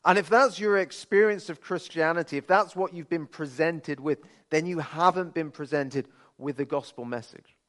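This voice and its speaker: Male preacher at a church service, a touch high-pitched, conversational and earnest with light humor. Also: normal speed, a bit bright. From Birmingham, England. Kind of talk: sermon. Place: church service, streamed online.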